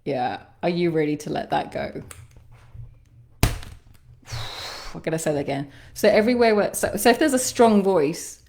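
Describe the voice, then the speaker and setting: A woman who works as a sound healer and coach, giving a livestreamed guided self-reflection in a musing, halting way with sighs and laughs. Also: low-pitched, animated, vocal fry, darkish tone, a little hiss or hum.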